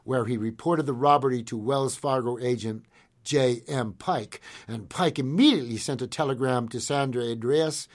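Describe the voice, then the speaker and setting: A man's voice: medium pitch, normal speed. A man telling an old-west history story in a folksy, dramatic way, chuckling now and then.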